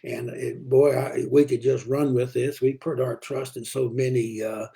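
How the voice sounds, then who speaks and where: A man preaching a daily devotional in an unhurried way, with many pauses and fillers. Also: medium pitch, flat delivery, gravelly, dark tone. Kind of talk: devotional Bible talk.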